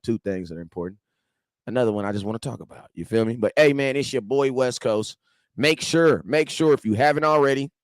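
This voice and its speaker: A man's voice: mid-range voice, no echo. A man in his thirties hosting a casual livestream fan show, joking and bantering with viewers in slangy, repetitive talk.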